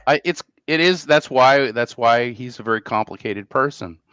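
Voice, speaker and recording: A man's voice: mid-range voice, normal speed, a bit bright, smooth. A man hosting a casual podcast chat, talking in a hesitant way with many restarts. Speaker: podcast host. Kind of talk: casual conversation. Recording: dry, muffled mic sound.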